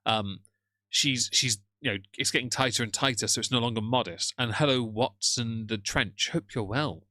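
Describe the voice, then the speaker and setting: Sardonic man, bright dry voice. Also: mid-range voice, normal speed, no echo. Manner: sardonic, mocking, chatty asides to viewers. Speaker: livestream host. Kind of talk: casual live-stream commentary. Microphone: headphones on, moderating chat from a phone.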